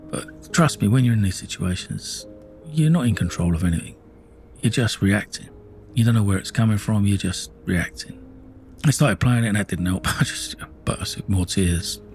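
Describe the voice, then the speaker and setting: This middle-aged Englishman sits low in pitch, his voice creaky and his intonation lively, at a moderate pace, with faint music in the background. He recounts his life in an Essex accent, bluntly and with plenty of swearing, restarting often and dropping in "you know what I mean".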